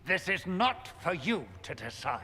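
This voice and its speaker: An actor playing a stern, pompous church chancellor in a video game, speaking with imperious scorn. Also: male voice, sits high, sing-song, a little slow, vocal fry, a crowd in the background, exaggerated voice. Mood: scornful.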